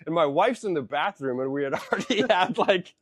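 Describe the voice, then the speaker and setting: A man's voice: fairly high pitch, animated, brisk, no echo, studio quality. A man in his thirties in casual podcast chat, a rambling storyteller who swears a lot and keeps saying "dude".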